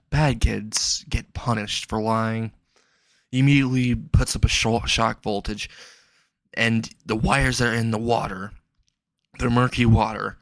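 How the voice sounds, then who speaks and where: A man's voice: mid-range voice, no echo. A man hosting and casually narrating a fan-fiction story, with frequent restarts. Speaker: channel host and narrator.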